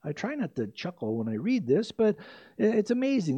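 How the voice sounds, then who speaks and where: An older male pastor preaches with a lively, swinging delivery and a fairly high voice. His tone is mellow rather than bright. The recording is dry and a bit dull. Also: brisk, husky, dry recording. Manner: animated, emphatic preaching with asides. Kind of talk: sermon.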